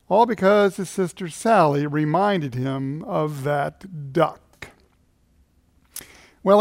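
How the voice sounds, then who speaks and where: Male pastor, sermon storytelling, chuckles, slightly higher voice. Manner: storytelling, chuckling at his own tale.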